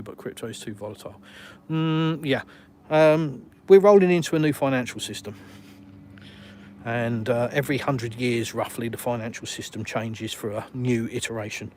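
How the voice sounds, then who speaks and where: A man's voice: medium pitch, slight background noise. Blunt Englishman chatting on a phone stream. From England. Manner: blunt, outspoken, swears casually. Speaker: live streamer. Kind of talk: casual live-stream chat reading viewer comments. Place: outdoors, walking around while streaming.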